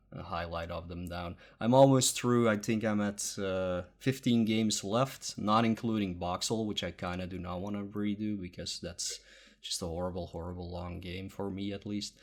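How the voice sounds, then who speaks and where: Sleepy, halting podcast co-host man. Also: low voice, fairly even intonation. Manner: halting, lots of um and uh fillers. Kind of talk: casual chat.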